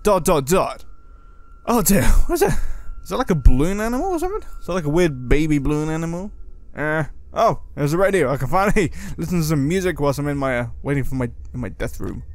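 A man's voice: on the high side, very animated, fast talker. A man hosting a horror let's-play, reading the game's lines aloud and reacting with jumpy exclamations and swearing. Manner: reads in-game lines aloud to himself. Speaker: gaming video host.

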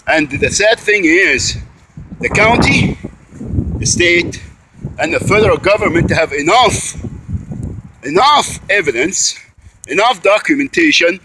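Walking a bike uphill outside and short of breath, a male vlogger angrily levels accusations in a recorded monologue, repeating words and restarting often. His voice is on the high side and sharp in tone. The recording is rough, with slight background noise.

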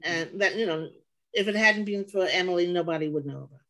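An older woman recalling her mother in conversation, pausing often to search for words. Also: on the low side, pushed and bright, poor audio. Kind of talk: conversational recollection.

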